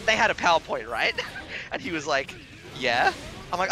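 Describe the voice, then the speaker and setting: A man telling a long personal story in casual chat, animated, swearing and laughing as he goes. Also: a little high, normal speed, faint music behind. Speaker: stream commentator.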